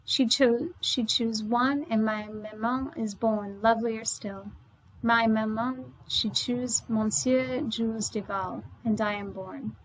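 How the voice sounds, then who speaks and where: A woman voicing a calmly proud young woman in a read-aloud storybook, speaking quietly and drawing out French words slowly. She reads the part with a fairly high voice. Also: breathy edge, low-quality recording. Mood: dreamy. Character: calmly proud young woman from New Orleans, free woman of color.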